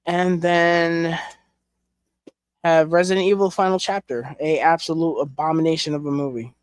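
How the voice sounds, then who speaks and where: A man's voice: fairly high pitch, steady tone, moderate pace, clear, resonant tone, no echo. Casual young man rambling, dry sound. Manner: rambling with fillers and frank swearing. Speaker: collection reviewer. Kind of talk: casual chat.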